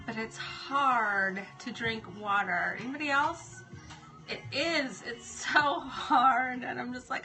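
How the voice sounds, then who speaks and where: Chatty ohio lady on a live stream saying hi to viewers, high voice. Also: slow pace, sharp tone, faint music behind. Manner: chatty, greets viewers by name. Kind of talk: casual live-stream chat.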